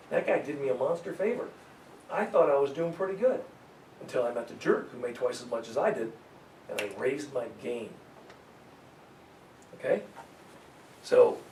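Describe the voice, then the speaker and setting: A man teaching sales in a live seminar, energetic and coaching, asking his audience questions. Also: on the high side. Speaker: sales trainer. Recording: echoey room, far from mic, faint hiss.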